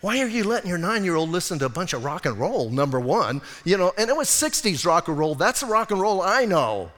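Lively male pastor preaching in a reverberant hall. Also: sits high, fairly quick. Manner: animated, conversational preaching with acted-out dialogue. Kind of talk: sermon.

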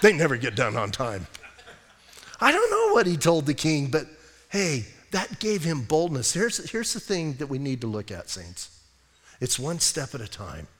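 A man preaching a sermon as pastor, casual and joking, with animated delivery. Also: a little high, moderate pace, big-room sound. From United States. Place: church sanctuary.

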